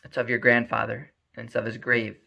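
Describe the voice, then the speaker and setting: A man's voice: mid-range voice, completely flat delivery, brisk, gravelly, sharp tone, pitched below the performer's own voice, exaggerated voice. A man voicing an urgent, tender mother.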